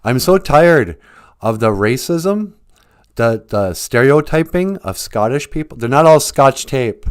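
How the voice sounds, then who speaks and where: A man hosts a livestreamed podcast from home, talking in an unhurried, drawn-out way. His pitch jumps around a lot as he teases and plays mock-serious. It is relaxed, joking chat. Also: clear, resonant tone. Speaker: podcast host.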